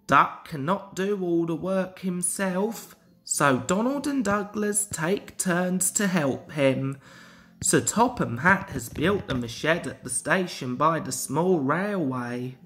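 Slow, careful young male storyteller. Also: high voice, a bit bright. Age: young adult. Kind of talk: storybook read-aloud.

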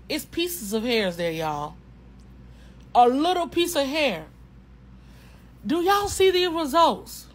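A woman's voice: a little high, rough recording. A woman chatting emphatically to her viewers in a casual testimonial vlog, repeating herself and speaking in an informal, slangy way. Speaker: customer sharing a product testimonial.

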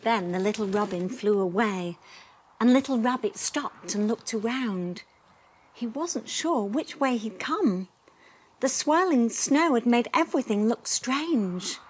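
A woman gently reading a children's bedtime story aloud in a soothing, expressive way. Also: fairly high pitch, unhurried, husky.

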